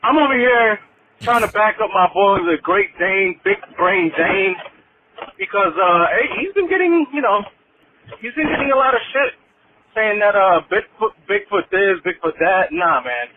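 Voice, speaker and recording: A man's voice: high voice, expressive, moderate pace. A man calling into a fan show from his car, talking loose and slangy. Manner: loose slangy street talk. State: driving while calling. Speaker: caller. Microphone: phone. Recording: tinny phone line with faint noise.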